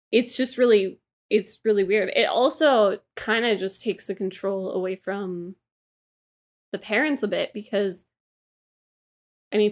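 A woman co-hosting a casual podcast chat, rambling with lots of fillers and swearing freely. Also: mid-range voice. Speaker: podcast co-host.

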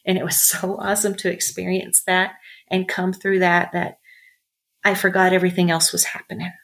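A woman's voice: fairly low pitch, little pitch movement, moderate pace. A middle-aged woman, a ranch owner, chatting in an interview and telling stories with lots of ums and asides. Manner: chatty, warm storyteller with many fillers. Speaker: ranch owner and bar owner, guest. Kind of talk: casual interview storytelling.

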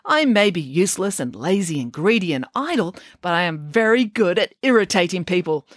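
A woman voicing a greedy, lazy boy made of chocolate in a read-aloud storybook, in a high, whiny, cheeky voice. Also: big pitch swings, a little fast, no echo, studio quality.

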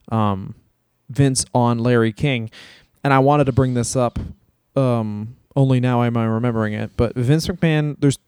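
A man's voice: medium pitch, a little mellow, clear, resonant tone, no room sound, clean studio sound. A man co-hosting a podcast, chatting casually and profanely, rambling and laughing often, and tired. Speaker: podcast co-host. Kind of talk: casual comedic chat.

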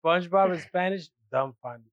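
High-pitched slangy podcast dude, dry close sound. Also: male voice, a little fast, no room sound, highs cut off. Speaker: podcast co-host. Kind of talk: crude casual chat.

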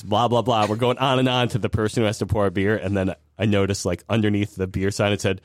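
Man, podcast host, casual chat, lower voice, dry close sound. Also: steady tone, fast, few pauses, dry recording. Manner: storytelling, laughs often.

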